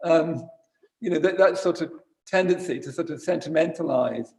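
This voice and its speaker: A man's voice: on the high side, normal speed, a little mellow. A man giving an informal dharma talk as a Buddhist teacher, conversational and wry, often correcting himself mid-sentence. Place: retreat centre shrine room.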